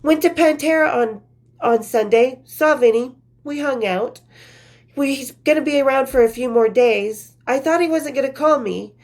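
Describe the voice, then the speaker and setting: A woman's voice: high voice, normal speed, a little mellow. A woman hosting her own show, reading from her old journals in a candid, profane, casual storytelling manner with laughing asides. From western United States.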